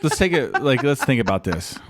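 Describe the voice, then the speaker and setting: A man's voice: mid-range voice, big pitch swings, brisk. A man co-hosting a podcast with his wife, telling stories with teasing, self-deprecating humor in casual chat. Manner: joking, self-deprecating storyteller. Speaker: podcast co-host.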